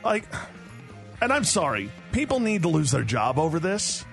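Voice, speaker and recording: A man's voice: a little high, normal speed, vocal fry, faint music behind. A man hosting a radio morning show, joking and ranting in casual banter. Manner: animated and joking, laughs often.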